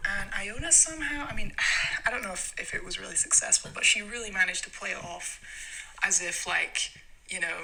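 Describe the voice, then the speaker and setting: Bright-voiced Scottish woman telling a story. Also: medium pitch, quick pace, rough recording. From Scotland. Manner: rambling, laughing, frank. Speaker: listener sending a story. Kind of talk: casual storytelling voice note.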